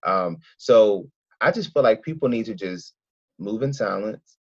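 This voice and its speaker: A man tells loose, animated stories in casual conversation, slipping into the voices of people he quotes. His voice sits low and sounds husky. The recording is muffled and lo-fi. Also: unhurried. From Philadelphia. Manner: rambling, animated storytelling with acted-out quotes. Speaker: guest. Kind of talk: casual interview chat. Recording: dull lo-fi sound.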